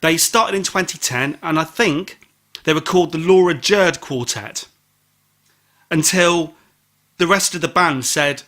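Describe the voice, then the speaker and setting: A man co-hosting a casual album review podcast, teasing and rambling, with sudden loud exclamations. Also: on the high side, measured pace, pauses often. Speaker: podcast co-host.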